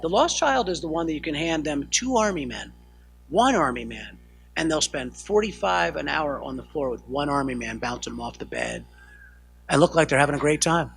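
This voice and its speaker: An American man, a counselor, delivers a family training session to a live audience in a conversational lecture style, often asking "right?" and correcting himself mid-sentence. His voice is a little high, husky and a bit bright, with vocal fry and a very animated delivery at a moderate pace. The recording is dry.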